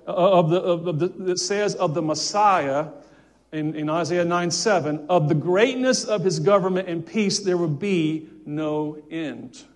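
A male pastor preaching a sermon, fervent and repetitive, with stammered restarts, swinging between loud exclamations and quiet asides. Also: high-pitched.

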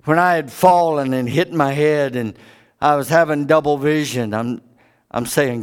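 Slow dramatic preacher guy, smooth clear voice, big pitch swings. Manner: dramatic, impassioned, sweeping pitch. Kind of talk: sermon.

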